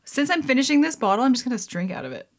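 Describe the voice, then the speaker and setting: In a high, rapid-fire voice with lively intonation, a woman vlogs from home as she mixes a drink, talking casually to her viewers on camera. Her chat is giggly and rambling, peppered with "like" and "um," and she often makes fun of herself.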